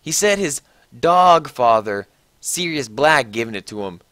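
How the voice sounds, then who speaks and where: A man's voice: mid-range voice, measured pace, no echo. Mock-dramatic man reading a story aloud. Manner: sarcastic, mock-dramatic, animated. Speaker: reader.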